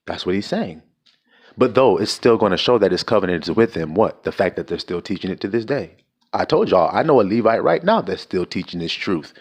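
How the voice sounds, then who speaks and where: A man delivers an informal sermon in a somewhat deep voice. He talks bluntly and swears freely. He keeps throwing rhetorical questions at his listeners. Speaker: preacher.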